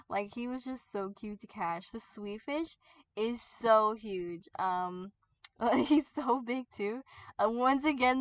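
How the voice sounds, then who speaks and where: A woman gaming YouTuber giving casual, rambling commentary on her game, giggling often and getting excited. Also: on the high side, clear, resonant tone, dry recording, lo-fi sound.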